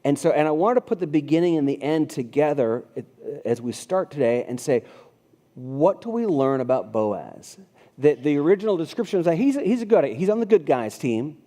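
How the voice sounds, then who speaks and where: Male pastor, fifties, mellow tone, casual sermon delivery with frequent restarts. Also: a little high, sing-song, normal speed. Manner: conversational, restarts phrases, reads scripture aloud. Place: church sanctuary.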